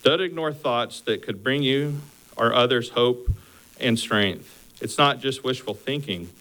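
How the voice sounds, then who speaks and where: A man preaching a sermon in an earnest, exhorting manner. His pitch sits in a middle range as he urges listeners through numbered points. He then moves into a steady, unhurried story. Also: poor audio.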